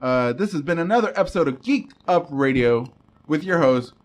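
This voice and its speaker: A man's voice: on the high side, expressive, moderate pace. Giggly man hosting a podcast. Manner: laughs often, jokey and loose. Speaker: podcast host. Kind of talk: casual chat.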